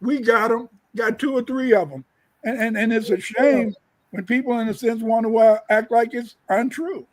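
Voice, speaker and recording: Emphatic high-voiced man ranting. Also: normal speed, darkish tone, poor audio. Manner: emphatic, rambling, repeats himself. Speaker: co-host. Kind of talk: casual opinionated talk.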